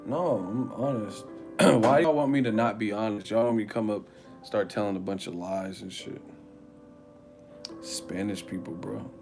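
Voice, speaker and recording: Man, casual live-stream host, animated storyteller, swearing, faint music behind. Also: fairly low pitch, moderate pace, gravelly. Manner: animated storytelling, swearing, loud put-on voices.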